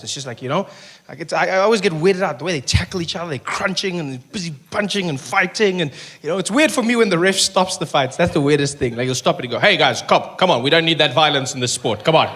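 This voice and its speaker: A male stand-up comedian with a South African accent, telling jokes playfully on stage and slipping into impressions. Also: on the high side. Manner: animated, playful, slips into impressions. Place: live comedy venue with audience. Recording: live show with crowd and noise. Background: audience crowd.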